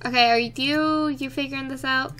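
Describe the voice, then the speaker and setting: Bubbly high-voiced woman gamer. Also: fairly even intonation, moderate pace. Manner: chatty and playful, talks to her characters. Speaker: let's play gamer. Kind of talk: casual gameplay commentary.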